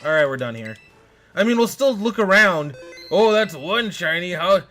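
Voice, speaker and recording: A man streaming a game live, excitable and exasperated, talking to his chat and to the game. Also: sits high, normal speed, soft background music.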